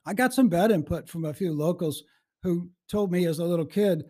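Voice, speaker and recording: A man's voice: high voice, a little fast, dark tone. A man in his seventies, a guest in a casual interview, telling stories in a folksy, rambling way, often restarting his sentences. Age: 70s.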